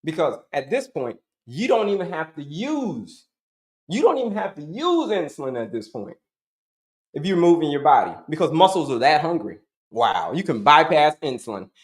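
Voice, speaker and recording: A man's voice: a little high, sing-song, normal speed, roomy sound. A middle-aged man giving an emphatic, repetitive health coaching talk, asking and answering his own questions to the audience.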